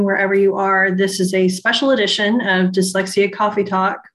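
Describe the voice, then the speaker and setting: A woman hosting a live online talk show, introducing guests in an unhurried, friendly way over a video call. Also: mid-range voice, a bit bright. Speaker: show host.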